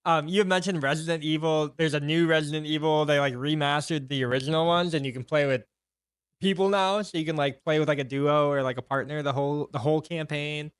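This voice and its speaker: A man's voice: fairly high pitch, fairly even intonation, brisk, smooth, dry recording, clean studio sound. A young man co-hosting a podcast, easygoing and joking, mostly giving short replies. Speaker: podcast co-host. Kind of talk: casual podcast chat.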